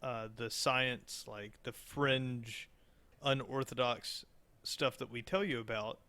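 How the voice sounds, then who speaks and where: Bright-voiced joking podcast host. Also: male voice, medium pitch, slow pace. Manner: loose, joking, rambling with restarts and swearing. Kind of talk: casual chat.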